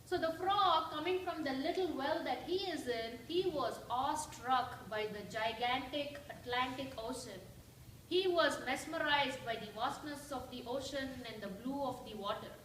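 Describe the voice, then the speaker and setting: Her voice is high and a bit bright, moving at an ordinary speed as she addresses a church congregation as a visiting devotional speaker. She tells a story and asks the audience questions, heard from afar in a reverberant hall with a little hiss or hum.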